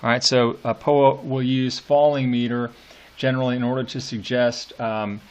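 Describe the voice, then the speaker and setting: A middle-aged man teaching literature, reading poetry aloud slowly and annotating it, with hesitant fillers. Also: mid-range voice, flat delivery, clear, resonant tone. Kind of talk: lecture with poem reading.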